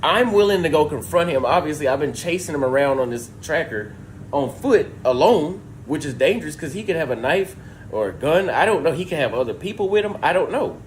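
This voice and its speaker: Man, exasperated storytelling rant, profane, higher-pitched, faint background hiss. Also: expressive, a little fast. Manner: exasperated, profane, acts out dialogue. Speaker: livestreamer.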